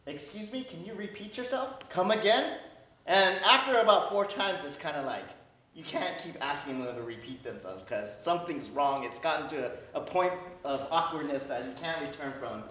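A male pastor preaching a sermon in a conversational, animated way, often checking in with the congregation and acting out small exchanges. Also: on the high side, moderate pace. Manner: conversational, keeps asking "right?"; animated, acts out little dialogues. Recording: roomy echo, distant mic, dull sound.

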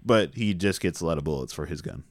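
Wry, quick-talking man. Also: deep voice, animated, no room sound, clean studio sound. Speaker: podcast co-host. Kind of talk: casual movie recap chat.

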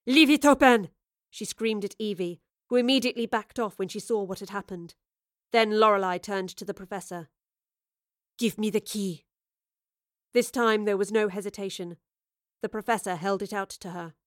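A woman reading a dramatic story aloud in measured scripted narration. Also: mid-range voice, steady tone, no room sound, studio quality. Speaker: audiobook reader.

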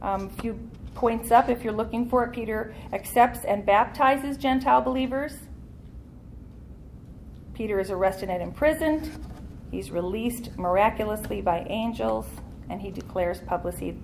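A woman's voice: fairly high pitch, moderate pace, vocal fry, a little hiss or hum. A woman teaching a church Bible study class in an earnest, conversational way, leaning into key points.

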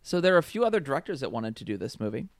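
A man's voice: mid-range voice, big pitch swings, racing, vocal fry, no echo, clean studio sound. Profane joking man on a podcast. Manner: profane, joking, rambling with fillers. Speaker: podcast co-host. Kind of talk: casual chat.

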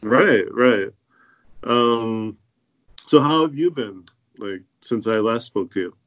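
A man's voice: medium pitch, takes it slowly, a bit bright. A man hosting a podcast in a casual chat, laid-back and hesitant, often laughing. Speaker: podcast host.

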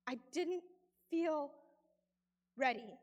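A woman telling a deeply emotional personal testimony, pausing often, her voice breaking with feeling. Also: in a large hall. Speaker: speaker sharing a personal testimony.

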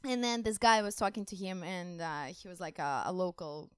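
A woman's voice: fairly low pitch, lively intonation, brisk, smooth, dry recording. A woman guest on a podcast telling a travel story in a casual way, acting out the people she quotes. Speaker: guest, long-distance cyclist.

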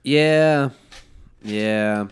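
A man's voice: medium pitch, very slow, smooth. Guy co-hosting a podcast, laid back, swears a lot, laughs easy, casual chat. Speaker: podcast co-host.

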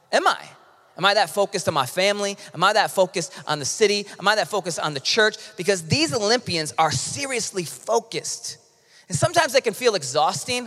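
A male pastor preaching a sermon with impassioned delivery, swinging from quiet to loud emphasis. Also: high-pitched, animated, fairly quick. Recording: long hall reverb.

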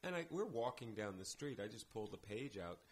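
A man's voice: fairly low pitch, very animated, a little fast. A man, a theater director guest on a podcast, telling anecdotes in casual chat and acting out the lines he quotes.

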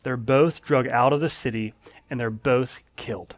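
A man's voice: medium pitch, fairly even intonation, moderate pace. A man preaching a sermon in an earnest, emphatic way, leaning on repeated phrases.

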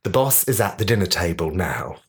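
A man's voice: low-pitched, very animated, brisk. A man on a comedy podcast, setting up improv scenes and bantering in a dry, matter-of-fact way.

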